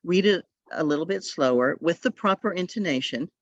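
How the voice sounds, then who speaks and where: A woman leading a tutor training session over a video call, giving advice in a chatty way with quick asides. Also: lowish voice, expressive, dry recording, lo-fi sound.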